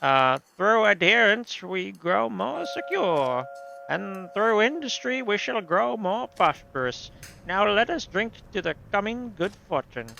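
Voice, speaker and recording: A man's voice: fairly high pitch, very animated, a little fast, bright, forceful tone, dull audio, slight background noise. A man voicing a pompous middle-aged collaborator hosting a dinner, speaking in a stately manner with a put-on accent. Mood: ceremonious.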